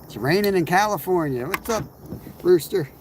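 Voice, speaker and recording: A man runs a fishing livestream outdoors, rambling casually and answering viewers' chat while he fishes. His voice is high and expressive at a moderate pace, with insects and crickets audible around him.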